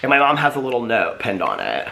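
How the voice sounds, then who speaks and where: A man talks to his viewers in a lively, chatty way, his pitch rising and falling a lot. His voice is bright and forward. The room around him is echoey, with a faint hiss underneath. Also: quick pace, vocal fry. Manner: chatty, animated, asks viewers questions. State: out of breath. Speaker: vlogger showing old Christmas keepsakes. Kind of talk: casual chat to camera.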